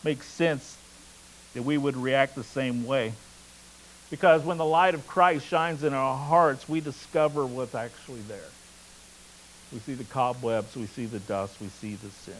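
A man preaching a sermon in a conversational, casual way, telling stories and reading scripture aloud between relaxed asides. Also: mid-range voice, unhurried, a little hiss or hum, poor audio. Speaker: pastor.

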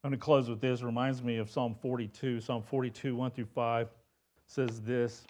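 A male pastor preaching a sermon in a conversational way, often asking "right?" and swinging between loud emphasis and hushed lines. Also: mid-range voice, little pitch movement, normal speed.

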